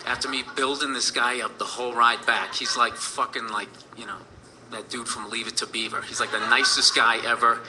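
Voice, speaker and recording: A man's voice: mid-range voice, flat delivery, fairly quick, noisy background. A man in his thirties telling a personal story in a rambling, profane way, full of fillers.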